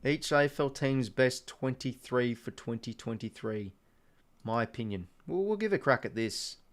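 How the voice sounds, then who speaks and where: A man's voice: medium pitch, expressive, normal speed. A young man with an Australian accent hosts a casual live stream in an everyday mid-range voice. He chats loosely with viewers and half-mutters to himself as he thinks, and typing on a keyboard is heard behind him. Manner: chatty, muttering to himself while doing a quiz, greeting chat viewers. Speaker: streamer hosting a live watch-along.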